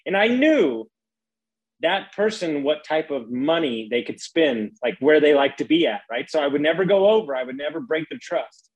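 A man's voice: on the high side, big pitch swings, normal speed, rough recording. A man hosting a podcast, telling stories in a laid-back way and swearing casually.

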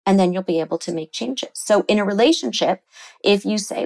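A woman psychotherapist talking in an interview, animated and explaining ideas, often slipping into quoted voices. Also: mid-range voice, fairly quick, gravelly. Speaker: psychotherapist guest. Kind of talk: conversational interview.

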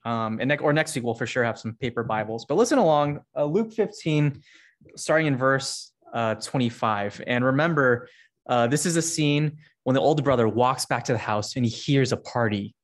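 A young man giving a casual, conversational sermon, reading scripture and acting out the characters with lively jumps in pitch. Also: normal speed. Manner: conversational, many fillers, acts out characters with rising pitch. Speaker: preacher.

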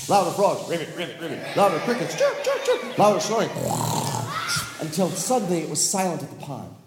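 A man telling a children's story live, playful and animated, with sound effects and laughter. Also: mid-range voice, noisy background. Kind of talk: live storytelling to a family audience. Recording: echoey hall with long reverb.

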